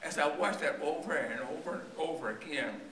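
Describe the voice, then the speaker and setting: Male preacher, voice worn and straining, bright and forceful tone, tells a story in his sermon, church echo, mic far off. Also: a little high, brisk, a little hiss or hum. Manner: storytelling sermon with call-and-response questions to the congregation. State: voice strained and tiring. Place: church sanctuary. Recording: echoey church recorded from a distance.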